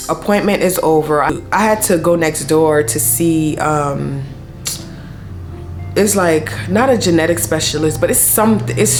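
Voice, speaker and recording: A young woman vlogger telling a personal story in casual, slangy speech full of fillers. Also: low voice. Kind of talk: storytime vlog.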